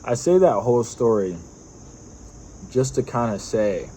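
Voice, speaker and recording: A man's voice: medium pitch, expressive, a little slow, dark tone, a little hiss or hum, low-quality recording. A young man vlogging, telling a personal story in a rambling way, full of fillers and laughs.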